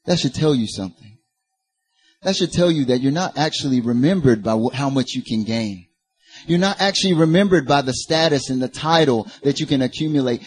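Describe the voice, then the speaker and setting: Husky-voiced man preaching with rising passion. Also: mid-range voice, a little fast. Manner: impassioned, rising to emphatic peaks, with asides to the congregation. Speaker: pastor. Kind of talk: sermon.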